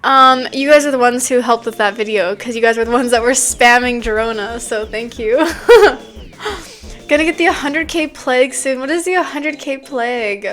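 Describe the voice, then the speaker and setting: A woman's voice: fairly high pitch, normal speed, a bit bright, faint music behind. A woman streamer chatting casually with her chat, giggling often and talking loosely with plenty of fillers. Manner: giggly, laughs often between sentences.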